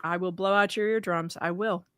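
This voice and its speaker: A woman's voice: fairly low pitch, fairly even intonation, moderate pace, fairly bright tone, clear, resonant tone, no room sound. A woman co-hosting a casual livestream, playful and joking with lots of giggles. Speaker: livestream co-host.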